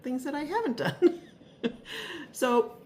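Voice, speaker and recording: A woman's voice: high voice, expressive, slow pace, darkish tone. Chatty woman vlogging her garden, lots of ums and restarts, bit of hiss behind her. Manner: rambling, hesitant, many fillers and restarts. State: a little out of breath. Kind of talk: casual weekly garden update. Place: home, upstairs spare room.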